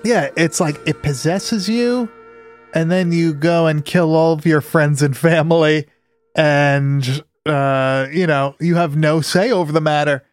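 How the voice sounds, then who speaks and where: A man co-hosting a podcast, chatting casually about a movie in an excitable, rambling, profane way. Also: on the high side, a little slow, no room sound, faint music behind. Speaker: podcast co-host.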